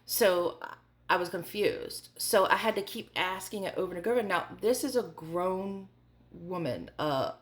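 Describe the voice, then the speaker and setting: A woman in her forties with a slightly low-pitched voice tells a personal story to camera. She talks in a chatty, candid way and fills her speech with small asides. It sounds like a casual storytime vlog. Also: animated, a little slow. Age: 40s. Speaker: vlogger.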